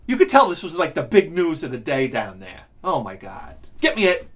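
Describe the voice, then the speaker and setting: A man's voice: on the high side, huge pitch swings, moderate pace. A man hosting his show, telling a profane story in a casual rant and laughing along with it. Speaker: host.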